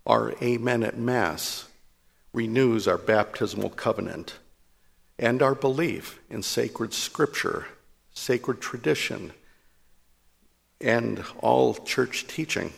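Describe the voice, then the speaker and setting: Male priest, gravelly husky voice, measured emphatic sermon, long reverberant hall. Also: mid-range voice.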